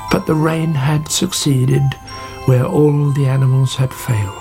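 A man narrates a children's storybook in a calm, steady manner. His voice is gravelly, and music plays clearly underneath. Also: medium pitch, measured pace. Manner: calm, even reading. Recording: voice over music.

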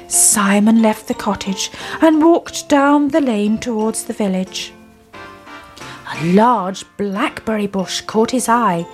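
A woman reading a children's story aloud in a slow, expressive storytelling manner. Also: fairly high pitch.

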